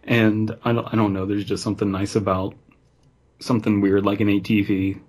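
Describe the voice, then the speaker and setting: A man reads a creepy story aloud for a podcast, stopping now and then for easygoing banter. His voice sits low and has a husky edge. He sounds relaxed and is easily amused. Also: brisk. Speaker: podcast co-host and story reader. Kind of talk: reading a horror story aloud with casual banter.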